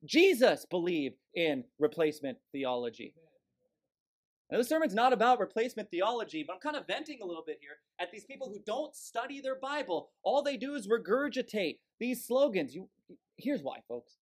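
A man preaching a sermon from the pulpit, forceful and emphatic, scornful toward those he condemns. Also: high voice, big pitch swings, normal speed. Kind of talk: fiery sermon.

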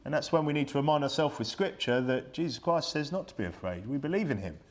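A man's voice: fairly high pitch, expressive, fast talker. A man preaching a Bible-study sermon in a conversational way, full of rhetorical questions and reading old-style scripture aloud.

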